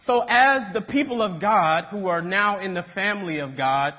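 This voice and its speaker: High-voiced young preacher in a church. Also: male voice, moderate pace. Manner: storytelling, checks in with "right?". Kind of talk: conversational sermon. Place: church sanctuary. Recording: dull sound with long church reverb.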